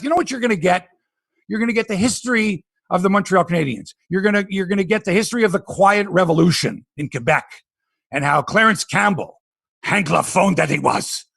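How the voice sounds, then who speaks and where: A man hosting a sports podcast, ranting in animated, profane casual talk. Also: sits high, vocal fry, slightly rough, dry recording.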